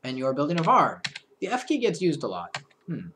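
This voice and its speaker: A young man gives casual commentary as he plays a strategy game, chatty and playful, with half-mumbled asides. His voice sits slightly high and swings a lot in pitch. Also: wildly swooping pitch, fairly quick, fairly bright tone, a little hiss or hum. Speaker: let's play host.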